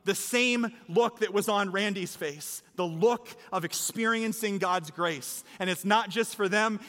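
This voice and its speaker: Bright high-voiced preacher in a reverberant hall. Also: male voice. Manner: storytelling, conversational, swelling to an exhortation. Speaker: pastor. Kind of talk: sermon. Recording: reverberant hall with faint music.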